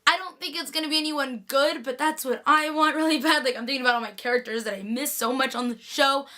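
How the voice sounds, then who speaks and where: Gushing high-voiced young woman. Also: quick pace, sharp tone. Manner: gushing, chatty, lots of "like". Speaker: TV episode recap vlogger. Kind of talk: excited casual recap.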